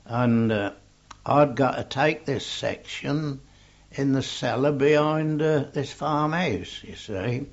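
Gravelly old English man, slow telling. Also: medium pitch. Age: older. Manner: rambling, anecdotal, plainspoken. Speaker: old soldier recalling the war. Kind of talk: oral history storytelling. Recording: dull lo-fi old tape.

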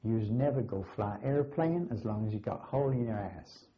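A man's voice: on the low side, animated, moderate pace, lightly acted. An older man quoting a blunt American flight instructor who speaks broken English. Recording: slightly dull lo-fi recording.

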